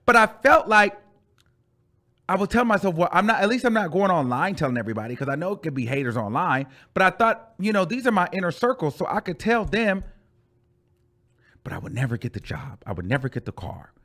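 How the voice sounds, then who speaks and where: Animated, higher-pitched male YouTuber. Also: brisk. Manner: animated, chatty storytelling that addresses the listener as "girl"; repeats phrases for emphasis and fills with "da da da" and "boom". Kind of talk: storytime rant.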